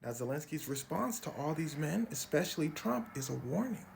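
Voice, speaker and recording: A man gives an animated comedy recap of political news in casual slang. His pitch swings widely, and his voice has a gravelly, creaky texture. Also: moderate pace, a little hiss or hum. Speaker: comedy commentary creator.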